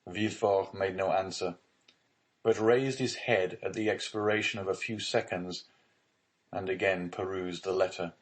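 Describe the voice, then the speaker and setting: A man narrating a classic novel as an audiobook reader, in measured, even storytelling. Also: sits low, low-quality recording. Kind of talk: scripted narration.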